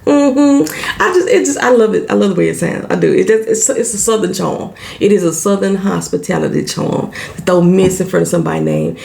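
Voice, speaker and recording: A woman's voice: lowish voice, animated, moderate pace, gravelly, a little mellow. A woman recapping a TV show in a casual, salty vlog, swearing freely and acting out the characters' lines.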